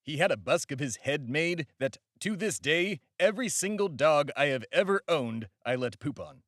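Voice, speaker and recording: A man's voice: a little high, lively intonation, moderate pace, a bit bright, no room sound, studio quality. A man hosting a comedy podcast in a pompous, boastful, crude comic persona.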